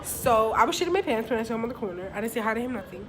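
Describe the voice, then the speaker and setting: A woman's voice: a little high, lively intonation, rapid-fire, a crowd in the background. A woman co-hosting a vlog, telling a story casually with loose, profane slang and lots of fillers. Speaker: vlog co-host.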